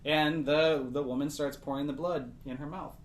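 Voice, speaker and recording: Acting as game master for a tabletop game, a man narrates in a loose, chatty way full of fillers. His mid-range voice has a darkish tone and moves fairly quickly. The room echoes, with a faint hiss in the background.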